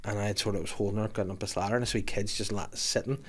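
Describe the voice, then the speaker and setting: Fast-talking Scottish man telling stories. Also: lowish voice, slightly rough. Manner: sweary, animated storytelling. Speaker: podcast host. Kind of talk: casual podcast chat.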